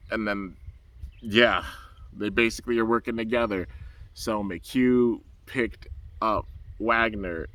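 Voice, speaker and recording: Man in a laid-back recap, slightly low voice, rambles eagerly with fillers. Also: steady tone, slow, a bit bright, no echo. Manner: rambling, loose and enthusiastic, full of "um" and "you know". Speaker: anime episode reviewer. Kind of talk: casual recap.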